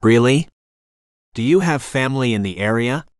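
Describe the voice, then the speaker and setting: A man voicing an energetic older woman innkeeper in her sixties with a faint Jamaican accent, reading an audiobook. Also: medium pitch, normal speed, clean tone, dry recording, clean studio sound, close to an everyday voice. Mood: chatty.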